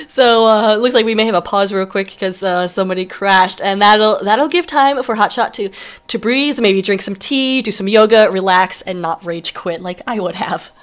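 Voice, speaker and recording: A young woman giving live play-by-play commentary on a team video game, chatty and excitable, with joking asides. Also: medium pitch, measured pace. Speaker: esports caster.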